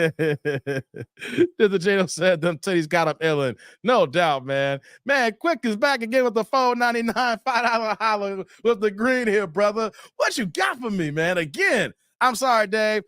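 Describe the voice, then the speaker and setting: A man's voice: high-pitched, a bit bright, dry recording, clean studio sound. A man hosting a casual live stream, reading viewer comments aloud and laughing often.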